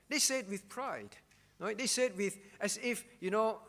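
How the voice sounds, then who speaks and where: A male pastor with a notably high voice delivers a sermon in a church, leaning on repetition and rhetorical questions to drive each point home. His words ring out with a long reverb from the hall around him. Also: lively intonation, normal speed, creaky, fairly bright tone. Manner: emphatic, repeats key phrases, frequent rhetorical "all right?".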